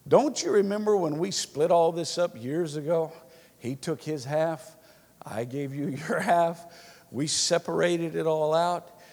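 A patient father gently reassuring his son in a parable, voiced by a male preacher. He speaks slowly, softly and low. The sound has a long church-hall reverb. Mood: gentle. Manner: calm, slow, gently reassuring.

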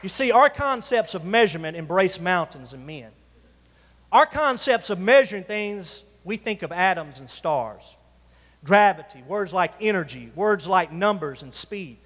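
High-voiced preacher in an echoing church. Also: male voice, very animated, fairly bright tone. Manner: preaching with call-outs to the congregation, drawn-out emphasis. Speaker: pastor. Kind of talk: sermon. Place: church sanctuary. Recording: reverberant church hall.

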